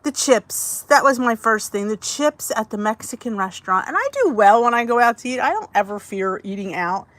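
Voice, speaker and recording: A woman's voice: on the high side, fairly quick, few pauses, fairly bright tone, no room sound. A woman hosting a casual livestream from her phone indoors, chatting and greeting viewers by name. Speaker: livestream host.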